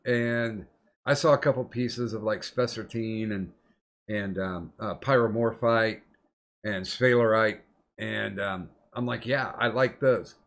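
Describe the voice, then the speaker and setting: A man's voice: lowish voice, a little slow, fairly bright tone. A middle-aged man hosting a podcast, telling long rambling stories in casual chat, swearing often. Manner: profane, rambling storyteller. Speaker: podcast host.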